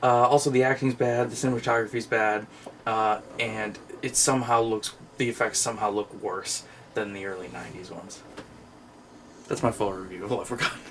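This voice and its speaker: A man's voice: fairly low pitch, steady tone, moderate pace, fairly bright tone, a little hiss or hum. A man chatting casually as a channel co-host, retelling movie scenes with put-on voices. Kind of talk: casual chat.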